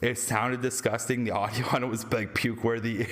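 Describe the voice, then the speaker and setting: A young Canadian man talking casually through a movie review with spoilers, rambling and excitable, swearing freely and laughing often. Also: mid-range voice, moderate pace.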